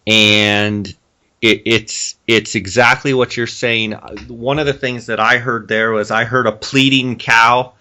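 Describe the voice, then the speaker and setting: A man's voice: medium pitch, little pitch movement, slow pace, bright, forceful tone. A man hosting a podcast interview who talks casually, often restarts his sentences and asks leading questions. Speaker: podcast host.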